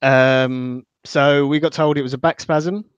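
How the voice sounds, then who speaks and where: A man speaks as a podcast guest in a smooth, mid-pitched voice, talking football in a measured way with plenty of fillers. His audio is dull and lo-fi, with a dead, dry sound. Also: steady tone, no echo. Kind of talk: casual football analysis.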